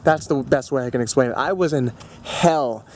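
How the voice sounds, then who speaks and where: A young man vlogging, telling a long personal story in a rambling way, full of fillers and restarts, with bursts of excitement. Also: medium pitch, normal speed. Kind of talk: casual storytelling vlog.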